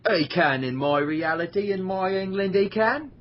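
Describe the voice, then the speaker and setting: A man doing a brash British soldier in an over-the-top fake Cockney accent, hammy and singsong. The voice jumps way above his usual pitch. It comes through a dull, lo-fi recording. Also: lively intonation, normal speed. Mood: cheeky. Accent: put-on Cockney, American imitation. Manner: hammy, tags sentences with "we do". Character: mock-Cockney British soldier bloke, cocky.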